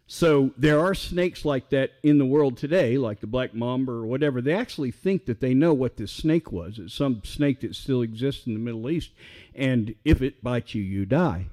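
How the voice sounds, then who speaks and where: A middle-aged pastor with a mid-range voice preaches in a relaxed, conversational way, often checking in with listeners by asking them questions.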